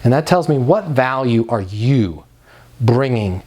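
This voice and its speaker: A man's voice: medium pitch, lively intonation, measured pace, a little mellow. A man giving a motivational training talk to leasing agents, direct and emphatic, drawing out key words for stress.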